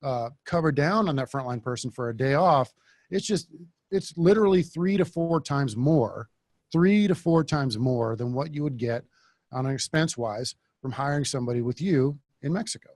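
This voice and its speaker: A man's voice: mid-range voice, expressive, moderate pace, darkish tone, dry recording. Plain-spoken male podcast host, dry sound. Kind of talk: casual interview chat.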